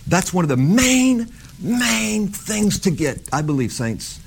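A middle-aged man delivers a loose, conversational sermon in a voice pitched a little above the usual for men. He talks to his listeners as if chatting, then lifts into fervent emphasis on the points that matter to him. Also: big pitch swings, a little slow, husky. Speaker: preacher. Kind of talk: informal sermon.

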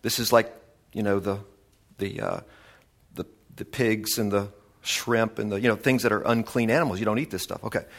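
A man's voice: lowish voice, moderate pace. A man teaching a casual Bible study, reading verses and adding chatty, enthusiastic asides.

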